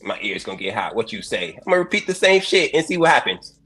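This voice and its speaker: Podcast panelist, male, husky voice, rapid-fire and profane, pitch jumping all over in a heated argument. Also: faint music behind. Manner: profane, animated, talks over others.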